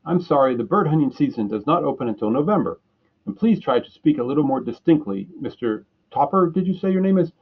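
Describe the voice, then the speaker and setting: A man voicing a fussy, officious city hall clerk on the phone in a children's story reading, pitched high and bright, with a husky voice. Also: expressive, a little fast, phone-quality sound.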